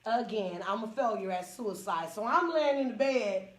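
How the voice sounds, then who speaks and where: With a fairly high, animated voice at moderate pace, the woman, a comedian and support group speaker with a Northern California accent, openly recounts a personal experience to a small audience. Frequent laughter and acted-out quotes mark her telling, captured distantly in a reverberant space.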